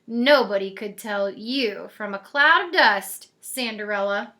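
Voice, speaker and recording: A woman's voice: mid-range voice, measured pace, bright, forceful tone, pitched below the performer's own voice. A woman voicing a mean, mocking young stepsister who sneers. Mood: sneering.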